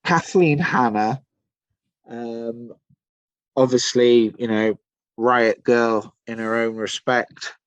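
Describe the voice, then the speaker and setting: A man's voice: mid-range voice, fairly even intonation, takes it slowly, no echo, highs cut off. An English man from Somerset, a musician guest telling rambling, enthusiastic stories in a casual podcast chat. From Somerset, England. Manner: rambling, enthusiastic storytelling with many fillers.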